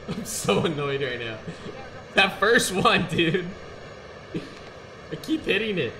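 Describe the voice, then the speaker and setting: Excitable young man streaming a game. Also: sits high, slow pace, pauses often, echoey room, slight background noise, low-quality recording. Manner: excitable, trash-talking, shouts when frustrated. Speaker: gaming streamer. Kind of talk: live game commentary. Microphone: gaming headset.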